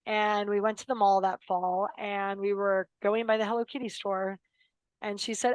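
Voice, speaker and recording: A woman's voice: mid-range voice, level tone, moderate pace, dry recording, highs cut off. An American woman in her fifties, a guest telling personal stories in an interview, emphatic and dramatic, acting out the quotes. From United States. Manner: emphatic, dramatic storyteller who acts out quotes. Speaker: podcast guest, lawyer.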